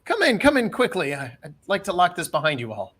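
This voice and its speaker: A man's voice: high-pitched, huge pitch swings, brisk, fairly bright tone, full character voice. A fussy, shriveled old man, put on by a man running a tabletop game. He talks in a raised, wavering register, hesitant and apologetic, then eager to welcome guests inside. He is small, clever and anxious to please. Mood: welcoming.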